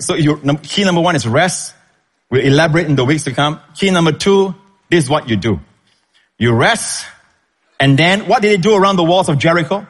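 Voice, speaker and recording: A man preaching a sermon as pastor, emphatic, with sudden leaps in pitch when stressing a point. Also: husky.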